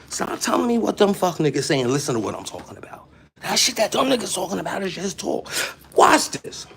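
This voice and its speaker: A man's voice: sits high, creaky, slight background noise. A man talking in streetwise slang while vlogging from his workplace on a handheld phone, jumping between topics. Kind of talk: casual vlog commentary. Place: his workplace, walking around.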